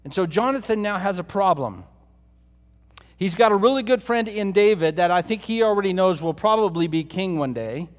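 High-pitched guy preaching, chatty, keeps asking the room questions, long echo like a big hall. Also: lively intonation, moderate pace. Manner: conversational, asks rhetorical questions of the listeners. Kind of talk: sermon.

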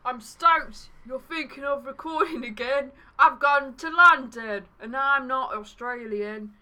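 A woman's voice: high voice, unhurried, sharp tone, voice pushed up, heavily acted. A woman voicing a laid-back male surfer with a mock Australian twang, breezy and exaggerated.

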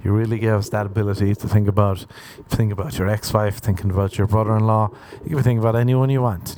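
A man's voice: mid-range voice, dark tone, slight background noise. A young man hosting a solo comedy podcast, rambling through crude jokes and chuckling at his own lines. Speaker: podcast host.

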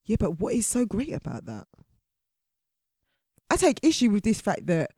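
A blunt British woman speaks as a podcast guest, her pitch swinging widely as she talks. She often mocks what others say. The recording is close and dry. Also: moderate pace, slightly rough, dry recording. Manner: blunt, animated, mock-quoting others. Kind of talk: casual podcast chat.

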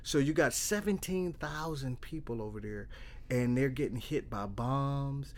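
Middle-aged male therapist, lively conversational storyteller who voices the dialogue and keeps restarting. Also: medium pitch, measured pace. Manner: animated storyteller, acts out dialogue, repeats and restarts. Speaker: trauma therapist.

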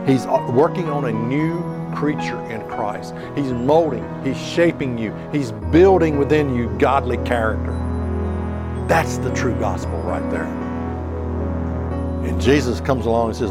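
Lively, emphatic male preacher. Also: measured pace, loud music behind the voice. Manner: earnest, emphatic, with swooping pitch on key words. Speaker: preacher and show host. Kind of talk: televised sermon.

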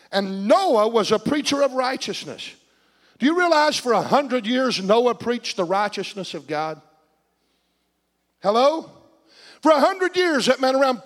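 A male preacher delivers a sermon. His delivery swings between loud, pleading calls and quiet, hushed passages. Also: very high voice. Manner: impassioned preaching, swinging from shouts to hushed tones.

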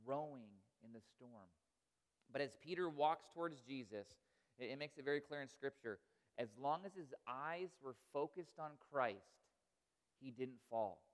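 A man's voice: medium pitch, clean tone. A man preaching a sermon, telling a story earnestly and asking rhetorical questions. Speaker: pastor. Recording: reverberant hall.

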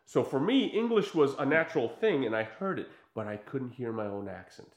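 A middle-aged man whose first language is Croatian, telling stories in a rambling, animated way with many fillers. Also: medium pitch, brisk. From United States and former Yugoslavia. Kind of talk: casual chat. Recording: roomy echo.

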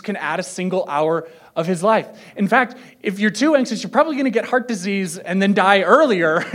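A man giving a casual sermon, his voice sitting a little high for a man. He talks conversationally, slips in wry jokes and acts out the people he quotes. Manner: joking, self-deprecating asides. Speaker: pastor.

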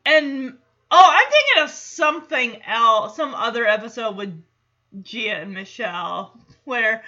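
A woman's voice: high voice, big pitch swings, unhurried, bright, forceful tone, muffled recording. A woman hosting a podcast, recapping an episode in casual chat and quoting characters in little voices. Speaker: podcast host.

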